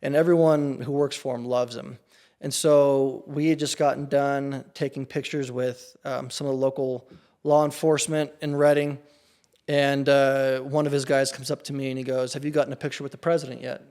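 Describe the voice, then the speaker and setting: Male podcast guest, monotone middle-pitched voice, earnest and casual, often restarts his sentences. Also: normal speed, clear, resonant tone. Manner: earnest, with frequent restarts and fillers. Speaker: campaign staffer, podcast guest. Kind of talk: casual interview storytelling.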